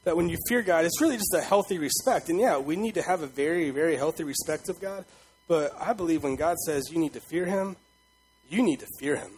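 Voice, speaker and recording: Husky-voiced pastor preaching conversationally. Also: male voice, on the high side, brisk, low-quality recording. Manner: conversational preaching, asks the congregation questions, voices God emphatically. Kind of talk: sermon.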